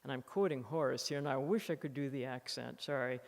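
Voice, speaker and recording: A woman author giving a public lecture, reading from her book with expressive, animated emphasis at a podium microphone. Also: extremely low pitch, brisk, creaky, few pauses. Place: lecture hall in a library museum. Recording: long reverb of a lecture hall.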